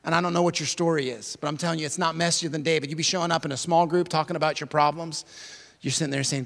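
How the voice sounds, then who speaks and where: A man preaches in a bright, sharp voice with a gravelly edge. He talks casually with slang and swings between loud bursts and near-whispers. The sound rings with the long reverb of a big hall. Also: on the high side, steady tone, fast. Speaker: pastor. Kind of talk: sermon.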